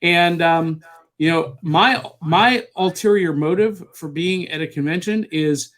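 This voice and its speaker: A man hosting a podcast interview, talking haltingly with many fillers and restarts. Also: a little high, a bit bright. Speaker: podcast host. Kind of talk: casual interview chat.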